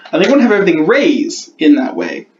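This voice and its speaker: A man's voice: a little high, wildly swooping pitch, highs cut off, slight background noise. Man thinking aloud over keyboard clicks. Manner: muses aloud, repeats test words, slows down while typing. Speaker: conlang creator. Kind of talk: screen-recorded tutorial, thinking aloud.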